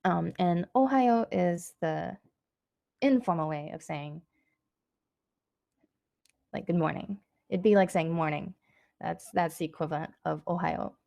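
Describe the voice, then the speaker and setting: A woman giving a casual online language lesson, chatty and loose with lots of fillers, saying practice phrases slowly and clearly. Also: on the low side, warm tone, no echo. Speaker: Japanese language teacher.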